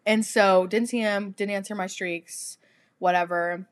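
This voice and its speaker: A young woman co-hosting a podcast, telling a story in a crude, animated, casual way. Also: medium pitch, unhurried. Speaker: podcast co-host. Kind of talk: casual chat.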